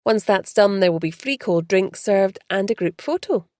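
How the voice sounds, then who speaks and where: A practical bookshop owner woman rallying a crowd in a raised, sing-song voice, read by a woman narrator. The tone is gravelly and warm, and the sound is dry. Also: medium pitch, animated, moderate pace, no echo. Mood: announcing.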